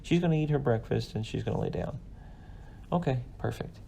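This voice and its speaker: A man's voice: mid-range voice, a little fast, vocal fry, mellow, slight background noise. A man in his thirties, a podcast host, telling an earnest, rambling personal story in a casual way. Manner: rambling, earnest, emotional at times.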